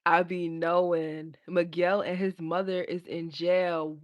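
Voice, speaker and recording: A woman's voice: on the low side, flat delivery, slow pace, few pauses. Laughing young woman reading tarot live. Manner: laughs often, talks to chat in slang. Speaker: tarot reader. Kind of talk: casual live-stream chat and tarot reading.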